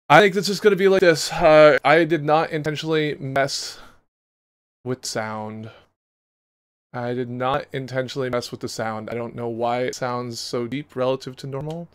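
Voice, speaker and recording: A man's voice: mid-range voice, moderate pace, smooth. A man streaming a game live, chatting casually into a desk microphone in a rambling, self-deprecating way. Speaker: gaming streamer. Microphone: USB desk microphone.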